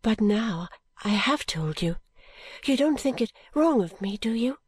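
Woman doing a shy young girl, soft and whispery, dry close sound. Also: a little high, animated, unhurried, husky, no echo. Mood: tender. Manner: soft and bashful, often whispery.

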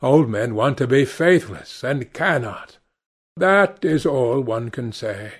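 A man voicing a witty, languid aristocratic gentleman who drawls epigrams. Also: mid-range voice, lively intonation, slow, breathy edge. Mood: amused.

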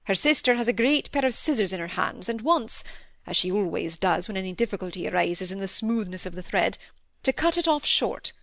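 Woman reading a gruff, fond doctor father. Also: mid-range voice, animated, a little fast, a bit bright, no room sound, clean studio sound. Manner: grave, teasing, with little impatience. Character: middle-aged male country doctor, gruff but fond father. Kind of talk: audiobook dialogue reading.

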